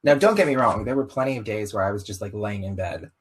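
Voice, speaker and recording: A young man with a faint Southern twang tells his own story as an interview guest. His voice sits a bit low with a husky edge, and he talks in a loose, animated way, slipping into other people's voices for quotes. Conversational and candid throughout. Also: quick pace, poor audio. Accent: slight Southern US. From US, Southern-ish family. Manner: animated, frequent "like" asides, acts out quotes. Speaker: podcast guest.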